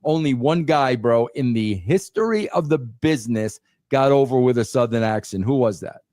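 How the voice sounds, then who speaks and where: A man's voice: medium pitch, expressive, normal speed, darkish tone, no echo, studio quality. An older man in casual podcast chat, talking emphatically and saying "bro" often with many restarts. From New York. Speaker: podcast guest, former wrestling writer.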